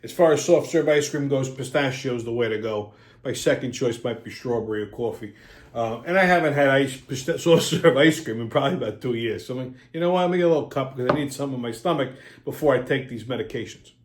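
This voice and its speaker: A man's voice: mid-range voice, quick pace, echoey room, slight background noise. A man, telling a long profane story in an exasperated, casual way as host.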